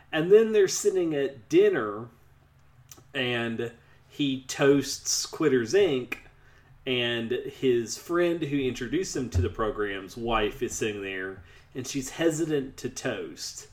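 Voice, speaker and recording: A man casually retelling a film's plot to a friend in a relaxed, dry way. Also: mid-range voice, takes it slowly. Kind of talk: casual movie review chat.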